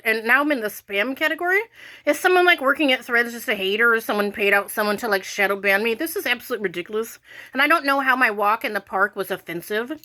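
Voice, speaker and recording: A woman's voice: fairly high pitch, animated, a little fast, bright, forceful tone. An American woman ranting casually to her viewers, irritated and rambling, with lots of "like" fillers. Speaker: vlogger.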